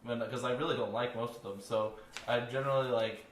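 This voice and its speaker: A young man tells blunt stories in a relaxed, offhand way during a casual podcast chat. His voice is mid-pitched and sounds roomy and distant, as if picked up from across the table. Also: a little fast, crowd noise. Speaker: podcast co-host.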